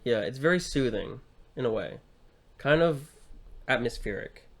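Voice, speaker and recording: A man's voice: mid-range voice, animated, measured pace. Young man rambling about films. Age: young adult. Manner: rambling with frequent fillers and restarts. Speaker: podcast co-host. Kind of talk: casual film discussion.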